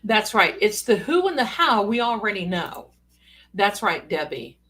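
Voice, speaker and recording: A woman's voice: medium pitch, sing-song, unhurried, fairly bright tone, husky. A woman hosting a live stream as a psychic, talking casually with folksy, sassy asides. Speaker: psychic livestream host.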